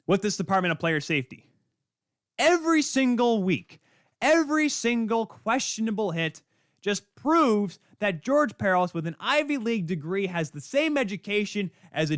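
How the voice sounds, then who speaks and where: A man's voice: high voice, no echo, studio quality. Fired-up ranting podcast host, man. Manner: heated, sarcastic ranting with sudden loud spikes. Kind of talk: ranting hockey commentary.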